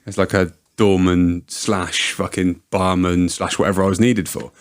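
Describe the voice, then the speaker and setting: A man's voice: low-pitched, flat delivery, normal speed. A man from Somerset, a podcast guest telling crude stories in casual chat with lots of swearing. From Somerset, England.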